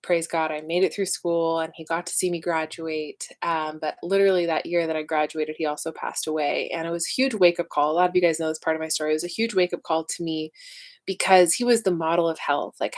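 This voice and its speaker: A woman's voice: fairly low pitch, rough recording. A young woman hosting a casual livestream, chatty and emotional, with plenty of fillers. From Southern California. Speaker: channel host.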